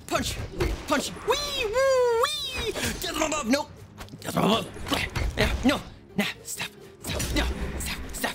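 A streamer reacting live to a fighting game, with a lively voice that leaps high and dips low. Swears freely and squeals with every hit and fall. Loud game music plays behind the voice throughout. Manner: excitable, swears often, squeals and yelps while playing. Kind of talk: live gameplay commentary.

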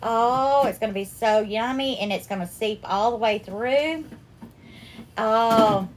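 A woman hosting a live cooking stream, warmly greeting viewers by name and calling them darling and sweetheart. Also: fairly high pitch, unhurried, slight background noise. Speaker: cooking livestream host.

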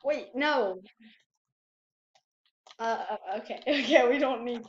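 Woman gamer narrating play, high voice, jumpy and exclamatory, dull home mic. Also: takes it slowly. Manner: excitable, exclaims and repeats herself. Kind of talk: casual gameplay commentary.

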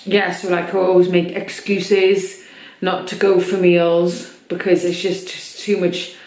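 A woman's voice: fairly low pitch, flat delivery, slow pace, darkish tone. Chatty woman vlogger, echoey room. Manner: open, chatty, many fillers. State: slightly irritated throat. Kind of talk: personal vlog chat.

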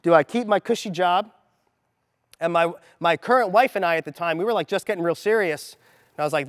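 A man in his thirties speaks as a motivational mindset coach to a gathered group, his voice sitting in a noticeably high register. He tells the story with energy and acts out the lines he quotes. The sound is close and dry up front, with a long reverb from the large hall trailing behind. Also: fairly quick.

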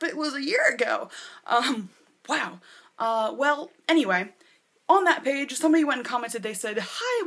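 A woman's voice: medium pitch, fairly bright tone. Chatty young woman vlogging from her bedroom. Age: 20s. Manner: chatty, rambling, lots of "like" and acted-out quotes. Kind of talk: casual vlog chat. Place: bedroom with posters.

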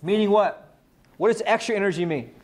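A man teaching a live sales training class, firing questions at the room and answering them himself. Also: high-pitched. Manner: energetic, quizzes the audience, rapid questions.

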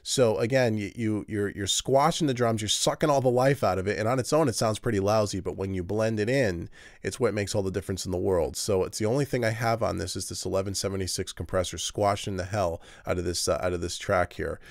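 Guy walking thru his drum mix in a home studio, lowish voice, dry close sound, lots of ums. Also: a little fast, no echo. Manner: casual, thinking aloud with fillers and restarts. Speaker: mix engineer tutorial host. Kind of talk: screen-recorded software tutorial.

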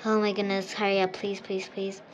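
A woman voicing a hurried female customer, soft and pleading, late for work in a game role-play. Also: mid-range voice, completely flat delivery, slight background noise, lightly acted.

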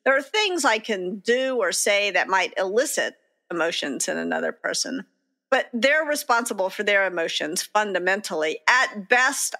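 A woman with a bright, clear voice, talking candidly on a podcast. She tells her stories in a reflective, conversational way, with self-deprecating laughs. Her tone stays open and easy. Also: mid-range voice. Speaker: podcast co-host.

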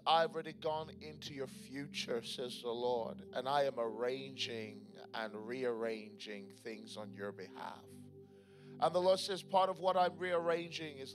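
Man, pastor, mid-range voice, playful then fervent, prophetic, church service, music behind. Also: mid-range voice. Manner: playful, joking asides with laughter; fervent prophetic declarations, rising in force. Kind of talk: sermon with prayer and prophecy. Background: music playing.

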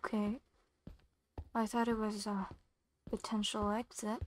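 A woman's voice: mid-range voice, flat delivery, a little slow, slight background noise, rough recording. A young woman giving nervous horror game commentary, talking to herself in short anxious questions. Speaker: gamer.

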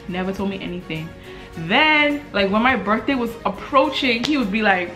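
Young woman from the Bahamas, vlogger, chatty storyteller; bright, fairly high voice, faint music underneath. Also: expressive, fairly quick. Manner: chatty, repeats words, storytelling. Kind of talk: casual chat to camera.

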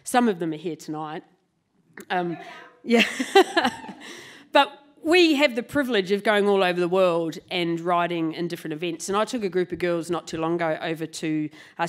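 A woman telling a true story live to an audience, lively and laughing often, swearing casually. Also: lowish voice. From New Zealand. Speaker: motorcycle club president and storyteller.

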